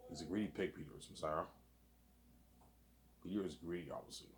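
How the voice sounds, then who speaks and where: A man's voice: low-pitched, fairly quick, slight background noise. A man rambling through a casual solo monologue, repetitive and profane, saying 'obviously' over and over.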